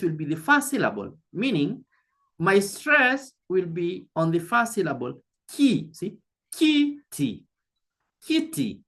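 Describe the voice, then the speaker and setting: A woman teaching an online language lesson, speaking slowly and deliberately, repeating key words and addressing the learner directly. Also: medium pitch, fairly bright tone.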